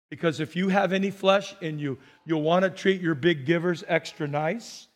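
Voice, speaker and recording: A middle-aged male pastor preaching a sermon, asking the congregation questions and getting them to repeat words back. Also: fairly high pitch.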